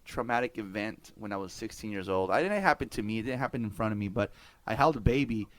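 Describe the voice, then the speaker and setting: A man's voice: lowish voice, expressive, fast, dry recording. A middle-aged man hosting a podcast, telling stories in casual chat, swearing freely, laughing often and dropping Spanish words. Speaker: podcast host.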